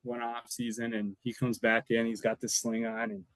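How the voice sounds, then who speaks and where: A man's voice: mid-range voice, moderate pace, no room sound, rough recording. Male podcast guest, ex-lineman, loose storyteller, mid-range voice, dry booth. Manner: relaxed, rambling, laughs between anecdotes. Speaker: podcast guest, former college football lineman. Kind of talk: casual storytelling.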